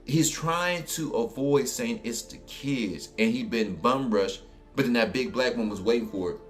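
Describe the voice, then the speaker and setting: A man with a New Orleans accent telling a story casually and animatedly, loose and colloquial with plenty of fillers. His voice sits at an ordinary middle pitch. Faint music plays underneath. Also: moderate pace.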